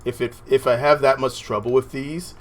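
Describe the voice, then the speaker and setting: A man's voice: mid-range voice, fairly even intonation, moderate pace. A man from the Southern US chatting casually while playing a game on stream, laughing often and muttering at what happens on screen. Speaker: gaming streamer. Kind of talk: casual gameplay chat.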